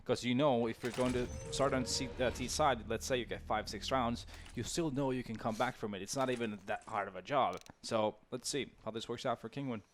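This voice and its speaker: Relaxed male esports analyst. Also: medium pitch, slight background noise. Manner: relaxed, halting, searching for words. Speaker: esports analyst, former team coach. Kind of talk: casual analytical commentary.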